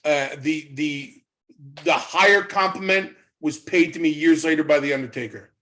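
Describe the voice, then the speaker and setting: Middle-aged male ex-wrestler, lively anecdote teller, voice sits a bit high. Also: normal speed, low-quality recording. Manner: animated storyteller acting out quoted dialogue. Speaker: former pro wrestler, guest. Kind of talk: casual storytelling interview.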